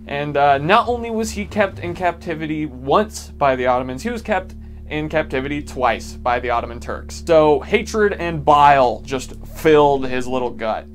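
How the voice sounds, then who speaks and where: A man's voice: a little high, lively intonation, moderate pace, faint music behind. A man narrating a history vlog, joking and irreverent between facts. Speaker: video essay host.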